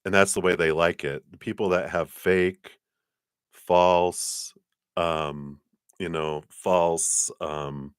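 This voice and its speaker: A man with a very low, deep voice talks through a live tarot reading. He is chatty and animated and laughs often. The sound is dry and close, with no room echo. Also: a little slow, clean tone. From lives in Colorado. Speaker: tarot card reader.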